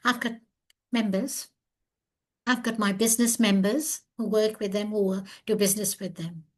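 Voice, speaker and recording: At a moderate pace and with fairly even intonation, a woman with a mid-range voice delivers a webinar lecture over a video call. She talks earnestly and emphatically, telling her story with plenty of animation. She is originally from overseas and resides in South Africa.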